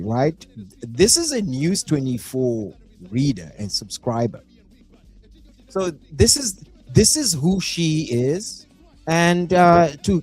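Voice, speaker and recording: A South African man doing live reaction commentary, animated and prone to bursting into shouts and whoops. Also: on the high side, husky. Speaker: reaction streamer.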